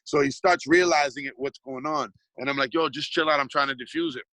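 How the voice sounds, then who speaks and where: A man's voice: medium pitch, fairly even intonation, a little fast, sharp tone, no echo, poor audio. Profane rambling man telling a story. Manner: profane, rambling, restarts a lot. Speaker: hip-hop artist guest. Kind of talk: casual storytelling.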